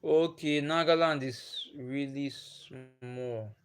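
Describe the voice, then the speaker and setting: A man's voice: medium pitch, fairly even intonation, slow, slight background noise. Chatty Nigerian man on a livestream. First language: Igbo. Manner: chatty, repeats himself, laughs often. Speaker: livestream host. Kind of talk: casual livestream chat with viewers.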